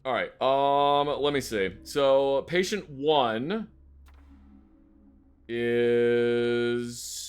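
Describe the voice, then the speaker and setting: Streaming a horror game live, a man chats casually, mutters to himself, and now and then hums little choo-choo noises. His mid-range voice is clean in tone and extremely slow.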